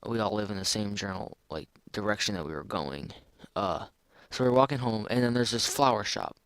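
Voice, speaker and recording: A man's voice: on the low side, a little fast, a bit bright, dry recording. A teenage boy telling a personal story in a rambling, casual way, full of restarts. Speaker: vlogger.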